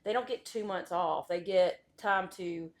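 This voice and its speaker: A woman's voice: on the low side, unhurried. A middle-aged woman, a school vice principal as a podcast guest, giving candid, emphatic opinions in easy conversation. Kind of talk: casual interview chat.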